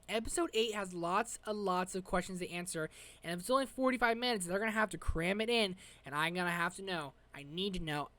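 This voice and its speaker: A woman giving a casual, slangy episode review as a vlogger, excitable and rambling. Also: medium pitch, no echo.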